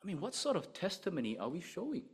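A male preacher delivering a sermon in a slightly high voice. His pitch moves a lot, climbing for emphasis and sinking low for quiet points. He talks through rhetorical questions and swings between loud and soft. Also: fast, slightly rough. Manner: animated, rhetorical questions, rises and drops sharply in volume.

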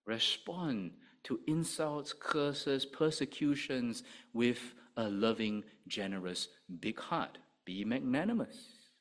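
A man preaching a sermon, asking rhetorical questions and swinging between loud emphasis and quiet, low asides. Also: takes it slowly. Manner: animated, rhetorical questions, rises and drops sharply in volume.

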